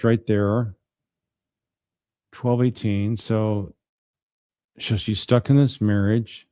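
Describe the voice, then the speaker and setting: A man's voice: on the low side, level tone, extremely slow, long pauses, mellow, dry recording. A man commenting as an attorney on trial evidence, talking in a casual, wry, conversational way as he reads out messages and reacts.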